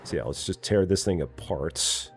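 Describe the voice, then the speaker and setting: A man streaming a game live, chatting casually and often muttering quietly to himself as he works. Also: low-pitched, normal speed, faint music behind. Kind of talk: casual live gameplay commentary.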